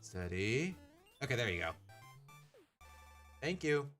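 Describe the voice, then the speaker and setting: A man thinks aloud as he plays, with a bright, forward tone and a very lively pitch. He rambles and makes fun of his own mistakes in a loose let's play style. Faint game music plays underneath. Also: brisk. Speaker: gaming streamer.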